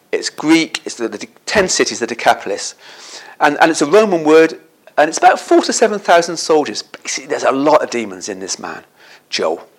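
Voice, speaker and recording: A man telling a Bible story as a sermon in an animated way, often turning to his listeners with tag questions. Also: medium pitch.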